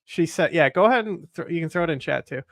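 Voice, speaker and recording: Stream co-host, man, gravelly and fairly high voice, dry close mic, casual reaction talk. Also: animated, fast talker, a bit bright, dry recording. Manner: conversational, retells events in detail.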